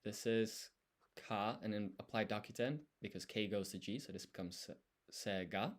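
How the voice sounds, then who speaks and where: A man's voice: lowish voice, normal speed. A man streaming his language study, talking himself through each step as he writes. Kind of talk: thinking aloud while writing.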